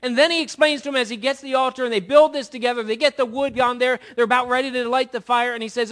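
A man preaching a sermon, retelling scripture dramatically, acting out the voices and swinging from loud to hushed. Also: very high-pitched, steady tone, quick pace.

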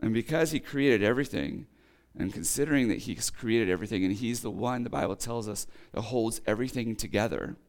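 A man giving a relaxed, chatty sermon, reading scripture and then explaining it with casual asides, his voice a little rough today. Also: fairly low pitch, a little fast. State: voice acting up, slightly rough. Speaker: preacher. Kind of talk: conversational sermon.

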